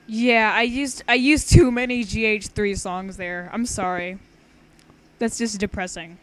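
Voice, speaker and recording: A woman's voice: medium pitch, steady tone, unhurried, fairly bright tone. Chatty young woman reading aloud. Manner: chatty, rambling, stumbles and restarts. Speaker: story reader. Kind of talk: casual read-aloud of own story.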